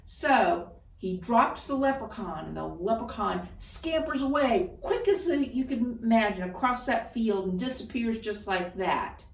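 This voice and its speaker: A woman storyteller telling a folktale in an expressive, deliberate way. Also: mid-range voice, vocal fry, distant mic. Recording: roomy echo, voice off-mic.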